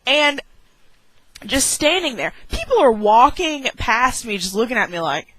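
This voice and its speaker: A young woman vlogger telling a dramatic story with many "like"s and squeaky acted-out exclamations. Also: big pitch swings, measured pace, fairly bright tone, poor audio. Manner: heavy use of "like". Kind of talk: animated storytelling vlog.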